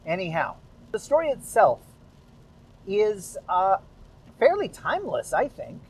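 Chatty, rambling man, higher-pitched voice. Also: huge pitch swings, unhurried, slightly rough, rough recording. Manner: chatty, rambling, self-deprecating. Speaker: podcast narrator of public domain stories. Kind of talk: casual chat after a reading.

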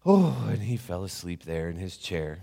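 Animated man preaching through a story. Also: low-pitched, normal speed, vocal fry, big-room sound. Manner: animated, dramatic storyteller with questions and hushed asides. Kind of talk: storytelling sermon.

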